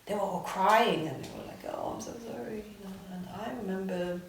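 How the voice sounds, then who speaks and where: Halting, soft-spoken woman in a reverberant space. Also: medium pitch. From England and Japan. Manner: halting, many restarts, drops to near whispers. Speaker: interviewee. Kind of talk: personal testimony in a documentary. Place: city street or park. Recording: reverberant, slightly noisy.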